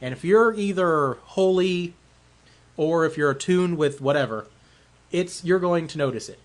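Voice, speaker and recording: A man's voice: fairly high pitch, expressive, unhurried. A man co-hosting a casual podcast chat, chiming in with short remarks and firm opinions. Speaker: podcast co-host.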